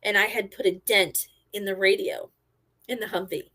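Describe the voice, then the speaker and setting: A middle-aged woman and former army medic, casually telling a story and acting out her own quotes loudly. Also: medium pitch, steady tone, normal speed.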